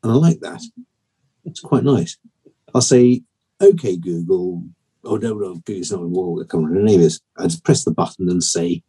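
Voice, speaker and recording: A man's voice: on the low side, expressive, fairly quick, warm tone, slightly rough. A man chatting casually as a podcast co-host, telling stories and laughing often. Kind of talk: casual chat.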